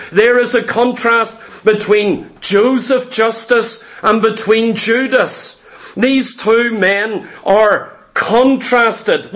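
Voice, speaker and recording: A pastor with a notably high-pitched male voice delivers a sermon. He preaches emphatically, pressing his listeners with rhetorical questions. He often repeats a word or two as he launches into a phrase. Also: a bit bright. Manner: repeats words when starting phrases.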